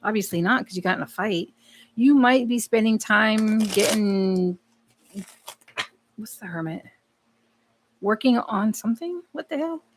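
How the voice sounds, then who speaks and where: Woman tarot reader, mid-pitched voice, casual, profane, frank, thinking aloud while pulling cards. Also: animated, measured pace, pauses often, background noise. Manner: blunt, profane, talks to the cards and to herself. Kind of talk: live tarot reading, casual chat.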